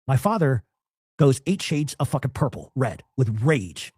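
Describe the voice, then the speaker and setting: A man's voice: mid-range voice, measured pace, husky, no echo, clean studio sound. A man telling a long, profane family story in casual talk, animatedly acting out what people said. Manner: profane, animated, acts out quotes.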